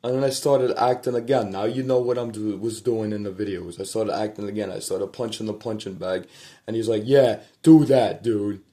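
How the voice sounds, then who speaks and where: Speaking fairly quickly in a lowish, level voice, a man recounts a personal story to the camera from home at night. His telling is rambling and profane, full of repetition, and it fades out into soft murmurs.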